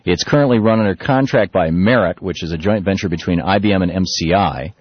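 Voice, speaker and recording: Male radio host, husky and fairly low, dry muffled broadcast sound, loose talky delivery. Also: fairly quick, no echo. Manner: loose, animated delivery with many restarts and fillers. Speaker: radio talk show host. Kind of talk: political talk radio monologue.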